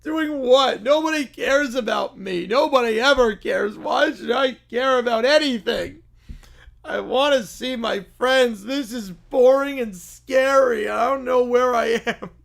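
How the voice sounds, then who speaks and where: Guy doing a high whiny cartoon kid, drags every word out, scared and bratty. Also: gravelly, fairly bright tone, heavily acted. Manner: whining, complaining, drawn-out.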